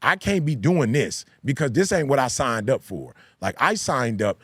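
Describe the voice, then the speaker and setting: A man's voice: mid-range voice, big pitch swings, moderate pace, fairly bright tone, breathy edge, no echo, studio quality. A man who is a pastor and podcast host, talking in a casual discussion with an emphatic, repetitive preaching cadence. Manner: emphatic, repeats key phrases like a preacher.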